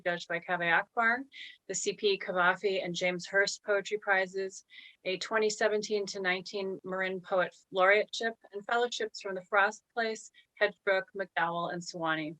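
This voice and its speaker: A woman's voice: mid-range voice, fairly even intonation, moderate pace, sharp tone, low-quality recording. A woman hosting a reading on a video call, reading out a poet's credits and correcting a slip. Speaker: reading series host. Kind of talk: reading a speaker introduction.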